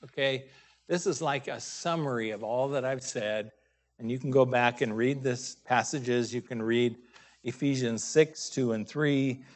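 A man preaching a sermon, pausing often and raising his voice to stress scripture readings. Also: mid-range voice.

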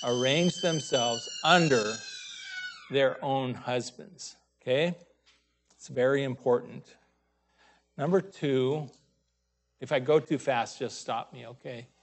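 A man preaching a sermon, pausing often and raising his voice to stress scripture readings. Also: medium pitch.

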